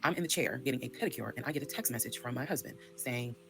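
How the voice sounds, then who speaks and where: A woman's voice: rumbling low, quick pace, vocal fry, noisy background. A woman telling her own story in a candid, profane way, acting out the dialogue she quotes. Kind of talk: storytime monologue.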